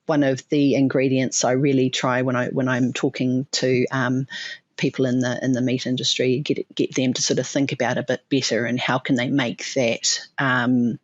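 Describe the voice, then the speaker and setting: A woman with a New Zealand accent answering interview questions thoughtfully, pausing often with fillers and restarts. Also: extremely low pitch, level tone, dry recording, highs cut off. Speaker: guest expert.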